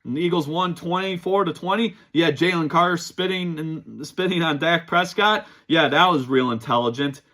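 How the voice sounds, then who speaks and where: A man's voice: fairly high pitch, normal speed, hardly any pauses, sharp tone. A young man hosting a casual sports show, firing off exasperated rhetorical questions as he breaks down a loss. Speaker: sports podcast host.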